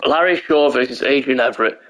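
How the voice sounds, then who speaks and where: A young man commentating a wrestling video game on a live stream, excitable and tired, laughing and swearing often, his voice hoarse. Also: mid-range voice, brisk.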